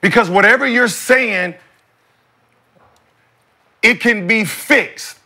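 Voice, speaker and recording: A man co-hosting a sports podcast, arguing loudly over others and swearing freely. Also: high-pitched, slow. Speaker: podcast co-host. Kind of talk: heated sports debate.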